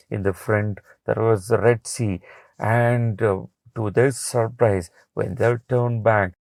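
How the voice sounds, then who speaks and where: Slow gravelly man with an Indian English accent. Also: mid-range voice, a little mellow, no echo, rough recording. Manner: repeats each phrase for emphasis; earnest, plain wording. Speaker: devotional speaker. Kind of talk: storytelling morning devotion.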